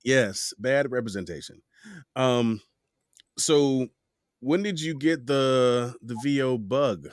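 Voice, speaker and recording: A man hosting a podcast interview in casual chat, lively and fond of mimicking voices in his stories. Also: mid-range voice, slow pace, clear, resonant tone, no room sound, studio quality. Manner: animated, mimics voices in anecdotes. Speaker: podcast host.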